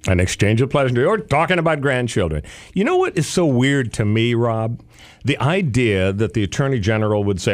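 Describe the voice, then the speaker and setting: A male talk radio host with a plain, mid-pitched voice. He rambles and adds wry asides while chatting with his co-host. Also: sing-song, brisk.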